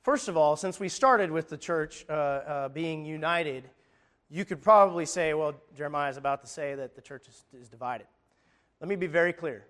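A man's voice: a little high, moderate pace, a bit bright. A man preaching a sermon, talking in a conversational, emphatic way with frequent restarts and scripture readings.

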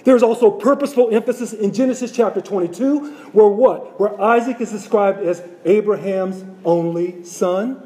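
A man's voice: high-pitched, moderate pace, few pauses, warm tone. A man preaching a sermon to his congregation, repeating phrases and asking rhetorical questions.

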